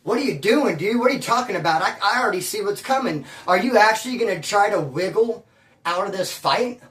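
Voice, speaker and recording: Animated slangy man telling a story. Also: sits high, a little fast, far from the mic. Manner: animated, slangy, peppers speech with "bro" and "dude"; stammers and restarts when worked up. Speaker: storyteller recounting prison life. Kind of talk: casual storytelling. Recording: roomy echo, voice away from the mic.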